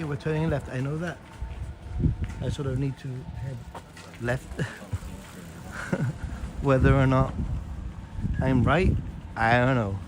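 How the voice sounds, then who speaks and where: A British man strolls through quiet suburban streets, talking to his live viewers in a relaxed, meandering way and laughing at himself. His speech is unhurried and his pitch sits in an ordinary middle range. Loud outdoor street noise runs behind his voice. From Britain. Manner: rambling, easygoing, laughs often. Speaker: vlogger. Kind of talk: live walking vlog, casual chat.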